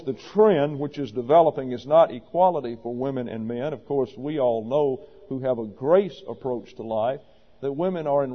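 Emphatic male preacher in a reverberant hall. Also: mid-range voice. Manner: emphatic, wry, sarcastic asides to the congregation. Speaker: pastor. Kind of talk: sermon. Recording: dull audio with long reverb.

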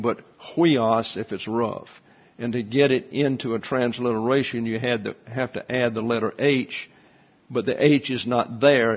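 Husky-voiced man giving a patient lecture. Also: medium pitch. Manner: measured and explanatory, with frequent fillers. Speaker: teacher. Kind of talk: classroom lecture explaining Greek letters. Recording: slightly dull, lo-fi recording.

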